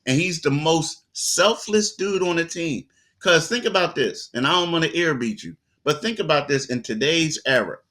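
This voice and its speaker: A man, a sports reporter talking through a basketball game in casual chat, telling stories and acting out quotes. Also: fairly high pitch. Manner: animated storyteller, acts out quotes, repeats words.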